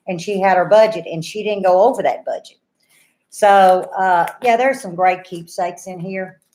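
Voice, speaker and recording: Folksy older woman, chatty. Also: medium pitch. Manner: chatty, folksy, addresses viewers as y'all. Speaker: homesteading channel host. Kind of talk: casual chat and storytelling to viewers.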